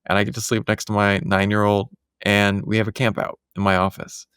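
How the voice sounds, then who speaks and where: Low gravelly man telling earnest stories. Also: little pitch movement, a little fast, a bit bright, no room sound, clean studio sound. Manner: earnest, reflective storytelling. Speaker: podcaster. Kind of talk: casual podcast conversation. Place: home office.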